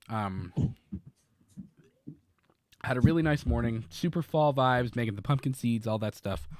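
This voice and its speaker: A man co-hosting a podcast, telling a long story in casual chat, rambling with many fillers and restarts. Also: medium pitch. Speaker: podcast co-host.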